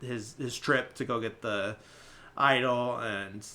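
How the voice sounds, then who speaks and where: A man's voice: mid-range voice, fairly even intonation, slow, sharp tone. A man hosting a podcast, casually retelling a movie plot with lots of fillers. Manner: rambling, many filler likes. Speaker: podcast host. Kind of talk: casual film recap.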